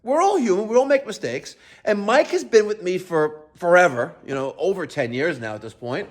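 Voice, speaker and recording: A man's voice: high-pitched, expressive, moderate pace. A middle-aged man from New York who owns a plumbing business, talking unscripted with lots of fillers and self-corrections. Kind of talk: unscripted video talk.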